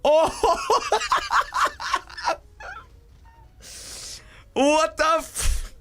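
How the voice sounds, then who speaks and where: A young male streamer reads viewer stories aloud, loud and excitable, swearing and laughing as he goes. His pitch is extremely high and he draws his words out.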